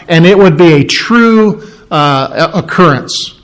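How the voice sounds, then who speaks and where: A man's voice: on the high side, lively intonation, slow pace. A man preaching a sermon, explaining scripture earnestly, often repeating and restarting words as he works through a point. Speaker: pastor.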